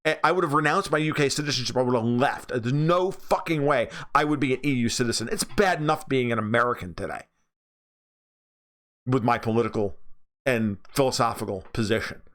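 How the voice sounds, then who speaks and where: A man's voice: medium pitch, fairly quick, a bit bright. A man with a New York accent hosting a livestream, talking bluntly and profanely while reading viewer comments. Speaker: livestream host.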